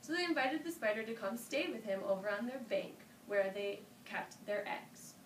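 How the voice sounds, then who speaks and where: Animated woman telling a children's tale. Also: medium pitch, normal speed. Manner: animated, invites listeners to join in. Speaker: storyteller. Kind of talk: interactive storytelling for children. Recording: roomy, distant mic with ambient noise.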